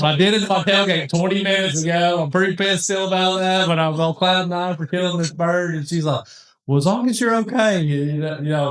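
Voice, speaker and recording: Man, casual podcast storyteller, rambling and animated, slightly high voice, very echoey room. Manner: rambling, animated, many restarts and asides. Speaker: podcast host telling a hunting story.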